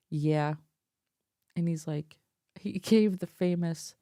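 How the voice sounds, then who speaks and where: Speaking into a desk mic up close, this woman vlogger shares a personal story in a chatty, laughing way packed with fillers. Her mellow, lowish voice moves slowly with long pauses, and there's no echo.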